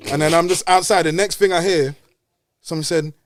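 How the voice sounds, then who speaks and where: A young man from West London with a London accent, telling a story casually on a podcast, animated and full of street slang. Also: fairly high pitch, fast talker, no echo. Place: podcast studio.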